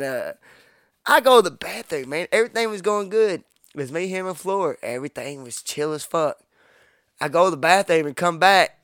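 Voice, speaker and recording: A man's voice: fairly high pitch, a bit bright, smooth, no room sound, studio quality. A man co-hosting a podcast, telling a profane story in casual chat and acting out what people said. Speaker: podcast co-host.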